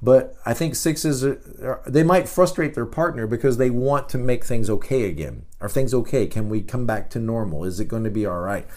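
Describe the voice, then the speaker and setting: A middle-aged man hosting a podcast, giving a casual talk as a teacher, animated and often repeating words. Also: mid-range voice, normal speed, hardly any pauses. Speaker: podcast host.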